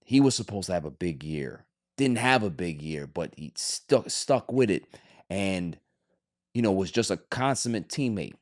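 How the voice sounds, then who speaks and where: Rambling New sports podcast host. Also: male voice, low-pitched, lively intonation, a little slow. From Queens, New York. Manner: rambling, with frequent restarts and fillers. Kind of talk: casual sports talk.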